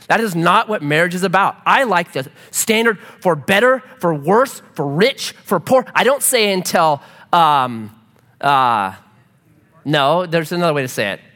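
A man preaching a sermon as pastor, animated and acting out quoted voices. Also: a little high, in a large hall. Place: church sanctuary.

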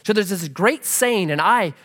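Animated, bright-voiced male pastor preaching. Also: high-pitched, moderate pace. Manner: animated, acts out quotes in shifting voices. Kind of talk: sermon. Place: church.

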